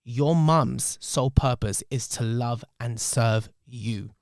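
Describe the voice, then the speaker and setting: A man's voice: medium pitch, takes it slowly, no room sound, studio quality. A man, hosting a podcast and telling a personal story in an emotional, reflective, candid way, swearing freely. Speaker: podcast host.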